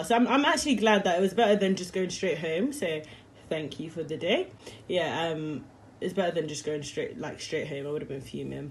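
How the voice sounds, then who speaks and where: Chatty young woman. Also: fairly low pitch. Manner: rambling, slangy, chatty, quick to laugh. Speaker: vlogger. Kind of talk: casual storytelling to camera.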